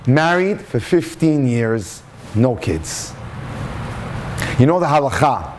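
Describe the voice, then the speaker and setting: A man's voice: mid-range voice, sing-song, takes it slowly, darkish tone, slight background noise. A man who is a rabbi, telling a story in a passionate, dramatic lecture style.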